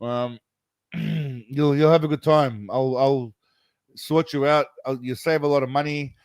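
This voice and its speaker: A man's voice: mid-range voice, steady tone, a little slow, clear, resonant tone, no room sound. A man hosting a casual livestream chat, rambling with lots of laughter and calling viewers mate and brother. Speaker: livestream host.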